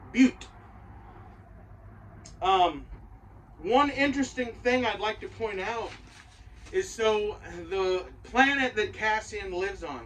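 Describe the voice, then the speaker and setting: A man's voice: high voice, pushed and bright, distant mic, slight background noise, low-quality recording. A man giving a casual, rambling and profane spoken review of a show, full of opinions.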